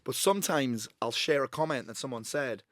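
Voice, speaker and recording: A man hosting a podcast, chatting in a relaxed, agreeable way and laughing easily. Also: mid-range voice, a little fast, dry recording, studio quality. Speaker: podcast host. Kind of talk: casual chat.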